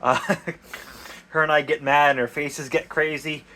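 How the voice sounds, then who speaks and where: A man's voice: a little high, flat delivery, unhurried, bright, forceful tone. A young man rambling casually and crudely in a vlog, swearing often, talking outdoors in the cold. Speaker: DIY vlogger.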